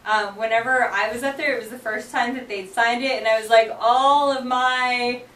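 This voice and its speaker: A woman's voice: fairly high pitch, fairly even intonation, a little fast, fairly bright tone. A young woman teaching a sign language class in casual chat, full of "like" and "um", acting out song lyrics as she explains. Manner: chatty, lots of "like" and "um", acts out lyrics. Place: classroom with students. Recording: echoey room, voice from far off.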